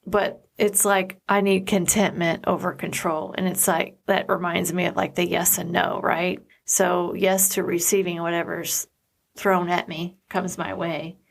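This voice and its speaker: A woman's voice: lowish voice, little pitch movement, unhurried, gravelly. A woman co-hosting a podcast, speaking in an earnest, reflective way and often searching for her words. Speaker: podcast co-host. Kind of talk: casual chat.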